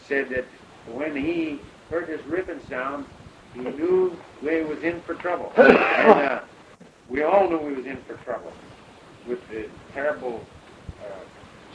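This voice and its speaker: A man spins a long, halting yarn in a casual way, stopping often and raising his voice to play out what others said. His voice sits at an ordinary middle pitch. The recording sounds roomy, with a loud hiss underneath. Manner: rambling, halting with many pauses and fillers. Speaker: storyteller recounting a rescue. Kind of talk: casual oral-history storytelling.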